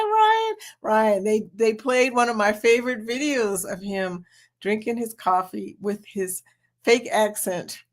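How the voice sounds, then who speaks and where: A woman hosting a casual live stream, bubbly and laughing often as she greets chat members one by one. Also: a little high.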